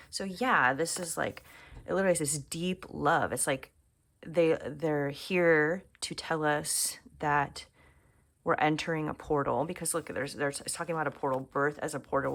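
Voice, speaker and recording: Low, gravelly-voiced woman reading tarot. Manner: chatty, musing aloud, often drops to a soft near-whisper. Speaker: tarot reader. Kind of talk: casual tarot reading to camera. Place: home room.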